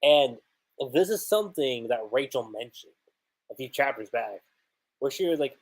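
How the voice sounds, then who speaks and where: Guy on a livestream chatting through a manga chapter, husky voice, pitch bouncing all over. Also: normal speed, poor audio. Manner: animated, thinks aloud with restarts and laughs. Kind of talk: casual livestream chapter review.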